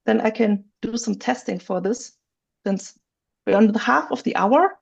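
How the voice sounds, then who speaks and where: A woman's voice: on the high side, a little slow, vocal fry, husky. A woman instructor leading a live online workshop, chatty and thinking aloud, laughing easily. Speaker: writing software instructor. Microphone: video call. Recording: dull lo-fi video call audio.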